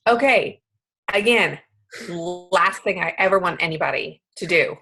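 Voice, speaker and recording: A woman in her late thirties, a guest speaker telling a self-deprecating story in casual, animated chat. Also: on the low side, a little slow, rough recording.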